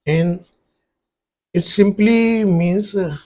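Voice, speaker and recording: A man's voice: high-pitched, drawn-out words, dark tone. A man teaching a French grammar lesson for exam prep, explaining step by step as he writes on a board and spelling words out letter by letter. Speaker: French tutor.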